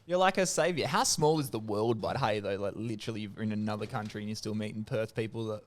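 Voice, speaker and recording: A man's voice: lowish voice, fast talker. A man, a guest co-host chiming in agreeably in casual podcast chat.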